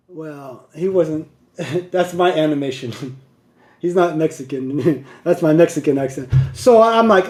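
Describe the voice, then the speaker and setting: A man's voice: on the high side, unhurried, darkish tone, reverberant. A man who drives a truck tells a story casually and animatedly, laughing and wandering off on side tracks.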